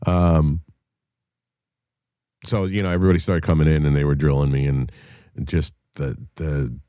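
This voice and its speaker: A man with an extremely deep, dark voice hosts his own talk show, holding forth in heated, profanity-laced monologue. The sound is bone-dry and close. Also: steady tone, moderate pace, no room sound. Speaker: podcast host.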